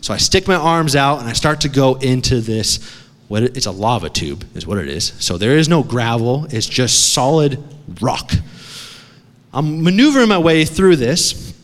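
Give me a male pastor telling a dramatic sermon story, middle-pitched, with long church reverb. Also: expressive, moderate pace. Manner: dramatic, swings from hushed to shouting.

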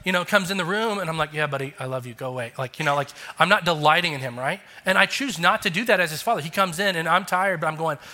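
A man's voice: high voice, quick pace, hardly any pauses, bright, forceful tone, in a large hall. A man in his thirties, a pastor giving an earnest, conversational sermon with emphatic turns.

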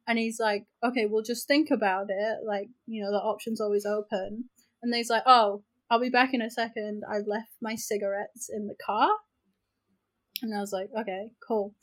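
A woman with a New Zealand accent, a podcast co-host telling a story in casual chat, frank and animated, swearing freely and saying "like" a lot. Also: medium pitch, moderate pace, rough recording.

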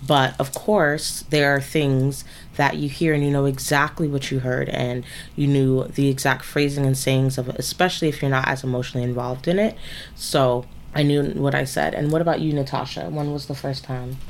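A woman's voice: very deep voice, flat delivery, normal speed, slight background noise. Woman podcast co-host, casual chat, rambling storytelling, lots of fillers.

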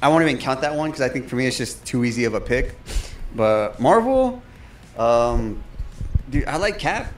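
Tipsy podcast dude, rambly, swears a lot, regular mid voice. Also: male voice, medium pitch, expressive, normal speed. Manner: rambling, lots of filler words and swearing. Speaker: podcast co-host. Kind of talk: casual chat.

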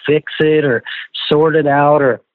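Male interview guest, animated storyteller, tinny phone-line sound, dry. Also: a little high, unhurried, no room sound. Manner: animated storyteller, acts out family dialogue. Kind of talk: conversational interview.

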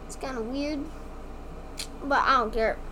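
Very high-voiced exasperated young woman. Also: steady tone, unhurried, pushed and bright. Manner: blunt, exasperated storytelling with slang. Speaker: podcast co-host. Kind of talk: casual chat. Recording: noisy home recording.

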